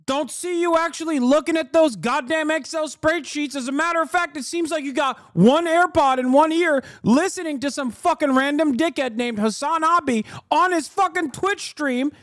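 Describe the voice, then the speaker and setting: Mocking busybody, prissy and nitpicking, pitched way up, as a streamer puts him on. Dry, close sound. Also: male voice, moderate pace, few pauses, fairly bright tone, no echo. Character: nagging busybody man critiquing a coworker.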